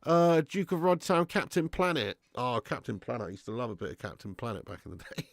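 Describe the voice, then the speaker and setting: A man hosts a live football watch-along, chatting loosely with his viewers and swearing now and then. His voice sits at an everyday middle pitch. The sound is dry and close to the mic. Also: brisk, gravelly, dry recording. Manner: laid-back banter, reads out super chats, swears freely. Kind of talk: casual live-stream chat and commentary.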